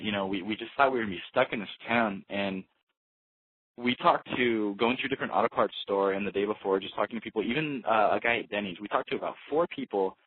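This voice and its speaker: A man's voice: on the low side, husky, no room sound. A young man telling a road-trip story casually, rambling with lots of fillers and restarts. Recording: tinny phone-like dry sound.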